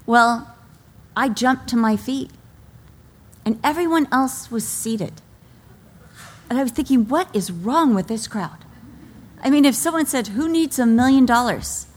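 A woman's voice: a little high, a little slow, pauses often. A middle-aged woman, a pastor's wife, preaching a sermon and telling stories with acted-out quotes. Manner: animated storytelling, acts out quoted voices. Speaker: pastor's wife and daughter, speaker. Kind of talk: sermon to a women's audience.

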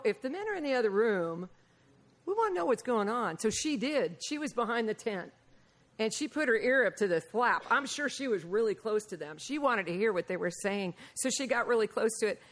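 A woman preaching a Bible lesson, mixing lively personal stories with scripture, and often laughing and acting out the voices of people in her stories. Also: on the high side, moderate pace. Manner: animated, laughing, acts out quoted voices. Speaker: Bible teacher. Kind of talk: sermon with personal storytelling.

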